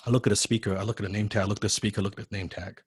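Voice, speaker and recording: A man teaching a copywriting course, telling a personal story in an animated, profane way, often repeating words and tagging lines with "right?". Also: lowish voice, rapid-fire, slightly rough, dry recording, studio quality. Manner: frequent rhetorical "right?". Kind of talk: personal story told in a lecture.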